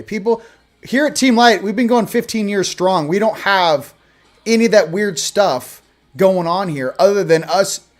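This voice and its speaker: A male host giving a casual oracle card reading, with sarcastic joking asides and slow, emphatic stresses on the card words. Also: high-pitched.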